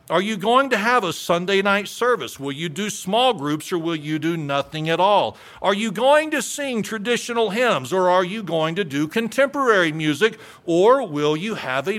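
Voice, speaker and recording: A man's voice: high voice, a bit bright. A middle-aged male pastor preaching a sermon, building his points through strings of rhetorical questions and emphatic repetition.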